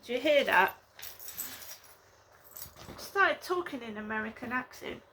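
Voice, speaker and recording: Woman rambling on her home vlog, kinda indignant, bright voice, sits a bit high. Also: expressive, unhurried, a little hiss or hum. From England. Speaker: vlogger. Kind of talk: casual vlog talk to camera. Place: her flat, indoors.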